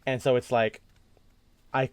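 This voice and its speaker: Animated rambling podcast guy. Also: medium pitch, unhurried, clear, resonant tone, dry recording. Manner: rambling, animated, swearing, jokey. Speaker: podcast co-host. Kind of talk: casual chat.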